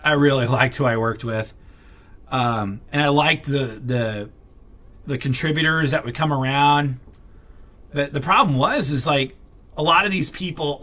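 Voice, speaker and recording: A man's voice: mid-range voice, a bit bright. A man vlogging in a casual, rambling way, full of fillers and restarts, blunt and irritated as he vents and swears now and then. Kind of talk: casual venting to camera.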